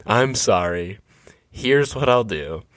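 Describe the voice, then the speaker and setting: A man's voice: fairly low pitch, animated, takes it slowly, fairly bright tone, no room sound, clean studio sound. A man voicing a blunt, opinionated middle-aged salesman who talks on and on in a brusque way. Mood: flustered apologetic. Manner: brusque and talkative.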